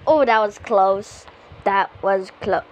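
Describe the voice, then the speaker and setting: A woman giving casual commentary on her own gameplay, exclaiming excitedly at whatever happens on screen. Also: mid-range voice, slow, slight background noise. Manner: excitable, exclaiming at the game as she plays. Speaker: gamer streaming her own play.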